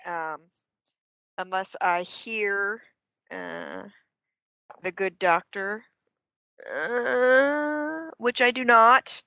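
Woman, tabletop player, slow, bright voice, dull call audio. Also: mid-range voice, expressive, clear, resonant tone, no echo. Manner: unhurried, thoughtful, with fillers. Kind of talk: casual tabletop game talk. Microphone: online voice call.

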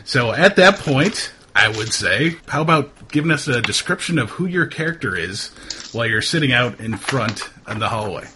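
A man narrating as game master of a tabletop horror game in a relaxed, hesitant way with many fillers. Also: medium pitch, moderate pace, background noise.

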